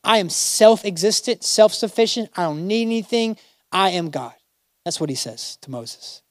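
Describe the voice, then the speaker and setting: Pastor, male, high voice, dramatic sermon delivery with acted-out characters, dry close sound. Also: expressive, normal speed, dry recording. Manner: dramatic, voices biblical figures in casual modern speech.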